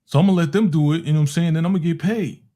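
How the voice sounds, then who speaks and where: Animated storytelling man from Harlem. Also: on the high side, rapid-fire. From Harlem, New York. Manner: animated, acts out other people's voices with slang. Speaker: music producer telling a story. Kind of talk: casual storytelling.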